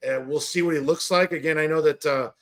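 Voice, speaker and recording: Fast and steady, his voice sitting a little high, another man walks through the card on his wrestling podcast. It's rambling, casual co-host chatter packed with "uh" and "you know."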